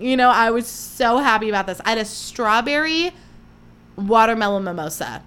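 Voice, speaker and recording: A woman's voice: on the high side, animated, moderate pace, fairly bright tone, clean tone. Chatty young woman gushing through stories. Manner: chatty, gushing storyteller who acts out quotes. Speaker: podcast host. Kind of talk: casual solo podcast chat.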